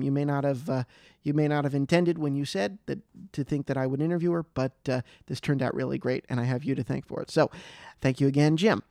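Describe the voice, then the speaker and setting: Guy hosting a podcast, gravelly voice, chatty sign-off, dry close sound. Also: a little high, dry recording. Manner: relaxed and talkative, loses his thread now and then. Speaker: podcast host. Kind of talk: casual interview and sign-off.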